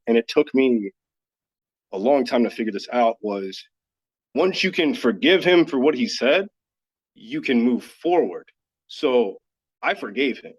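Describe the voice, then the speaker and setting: On a podcast, a medium-pitched guest from Dallas, Texas, who teaches yoga, tells his own story in casual conversation. He comes across earnest and candid, using "like" constantly as filler, in dull lo-fi audio.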